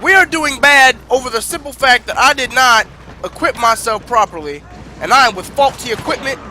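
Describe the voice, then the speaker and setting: A male gaming streamer commenting on his gameplay, ranting in frustration and swinging from low muttering to loud shouting. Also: expressive, normal speed, slight background noise. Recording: game music loud behind voice.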